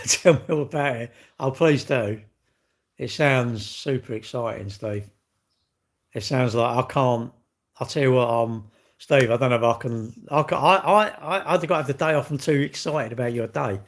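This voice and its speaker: This man in his sixties speaks at a moderate pace in a mid-range voice, keeping things casual on his live stream as he trades cheeky banter with viewers, sprinkled with the odd swear.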